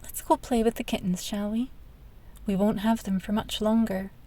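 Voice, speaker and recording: A woman's voice: mid-range voice, fairly even intonation, normal speed, dark tone, lightly acted. A woman voicing a cheerful, impulsive young boy who chats in a breezy way. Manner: breezy and chirpy.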